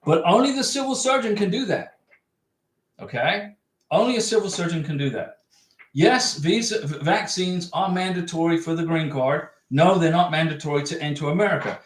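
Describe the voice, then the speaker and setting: Guy hosting a livestream, high voice, reads chat and repeats himself for emphasis, echoey room. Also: moderate pace. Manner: chatty, reads out viewer comments, repeats points emphatically. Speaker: livestream host giving visa advice. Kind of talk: casual livestream advice.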